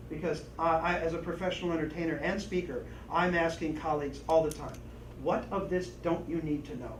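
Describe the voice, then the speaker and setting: A man training a group on storytelling, lively, acting out little voices and asides as he teaches. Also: on the high side. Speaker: presenter and trainer. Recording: echoey room, distant mic, faint noise.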